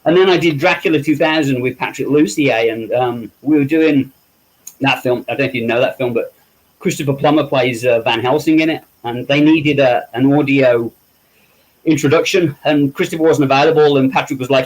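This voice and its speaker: A man's voice: mid-range voice, fairly quick, rough recording. A middle-aged man from England, a guest in a casual interview who tells anecdotes, acts out quoted voices and laughs at himself. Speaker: interview guest, makeup effects artist.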